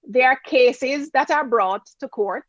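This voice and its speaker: A woman moderates a panel in a fairly high voice, stressing her points and sometimes repeating them. Her audio is dull and lo-fi, with a dry, close sound. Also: slow pace, fairly bright tone, no room sound. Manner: emphatic, repeats for emphasis. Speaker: panel moderator and university lecturer.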